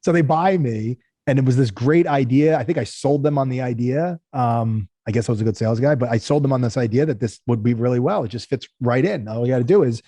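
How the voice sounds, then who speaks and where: A man's voice: medium pitch, fast talker, few pauses, warm tone, no room sound, studio quality. A man, a company founder, tells stories in a casual interview, acting out the people he quotes in raised voices.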